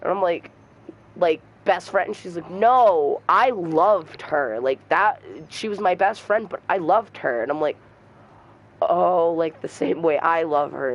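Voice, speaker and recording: A young man streaming a game, telling a personal story in a soft, halting voice and trash-talking the game now and then. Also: on the high side, vocal fry, poor audio. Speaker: gamer streamer. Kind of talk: casual storytelling while gaming.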